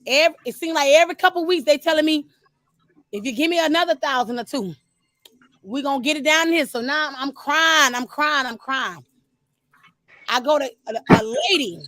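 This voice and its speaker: A high-pitched woman speaking tells her own story in an animated, casual way and keeps calling out to her listeners. The sound is dry and close, with little room in it. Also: normal speed, no echo. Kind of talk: casual testimony.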